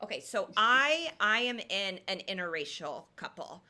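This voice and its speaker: A woman from Indiana, in her thirties, performing a stand-up comedy set in a casual, deadpan way with lots of ums. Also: mid-range voice, a little slow. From Indiana, USA. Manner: deadpan, conversational, with filler ums. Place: comedy venue with live audience.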